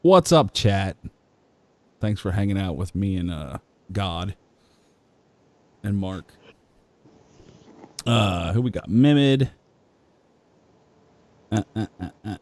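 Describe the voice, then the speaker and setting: Male live-stream host, low voice, lively goofy delivery, dry close sound. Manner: joking, goofy, laughs a lot. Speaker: livestream host. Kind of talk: casual live-stream chat.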